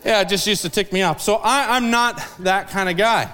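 A man's voice: high voice, moderate pace, bright, forceful tone. A man preaching a sermon as pastor in a church, casual and joking as he acts out people's lines. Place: church sanctuary.

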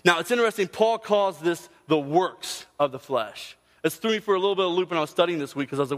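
A man preaches with an animated, storytelling manner, now and then slipping into other voices. His voice sits fairly high. It rings out with a long reverb, as in a large hall. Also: fast, few pauses. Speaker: pastor. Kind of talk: sermon.

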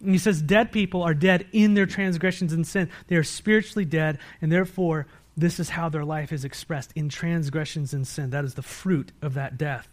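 Emphatic American pastor preaching. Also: male voice, normal speed, hardly any pauses. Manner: asks the congregation questions and answers them himself; swings between loud emphatic peaks and quiet low-voiced stretches. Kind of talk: sermon.

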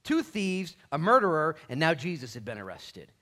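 Dramatic, high-voiced male preacher. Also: big pitch swings, moderate pace. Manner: dramatic, swinging between near-whispers and shouts. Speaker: pastor. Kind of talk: sermon. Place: church.

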